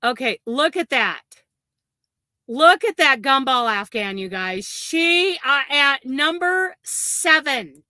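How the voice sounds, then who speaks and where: Slow, bright-voiced woman chatting casually. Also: high-pitched, animated, no echo. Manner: chatty and rambling, gushing and laughing often. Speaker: crochet livestream host. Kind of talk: casual livestream chat.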